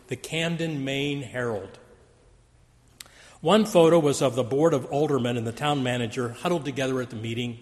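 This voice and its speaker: A man preaching a sermon, telling stories in an animated storytelling manner. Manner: storytelling with wide pitch swings. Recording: long hall reverb.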